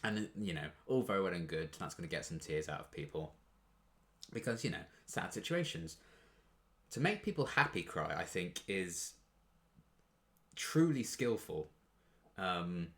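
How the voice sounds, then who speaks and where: Deep-voiced man gushing casually. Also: expressive, moderate pace, fairly bright tone. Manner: gushing, rambling, chatty. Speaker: reaction video host. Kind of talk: casual reaction commentary.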